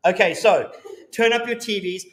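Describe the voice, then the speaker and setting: A man's voice: high voice, moderate pace, reverberant. Upbeat man hosting a quiz. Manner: upbeat, encouraging, preacherly. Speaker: church quiz host. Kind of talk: live-streamed quiz and appeal.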